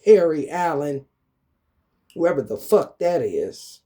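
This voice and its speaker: A man delivering an angry, confrontational ranting monologue to camera, full of swearing, swinging between loud outbursts and low muttering. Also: very animated, takes it slowly. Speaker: vlogger.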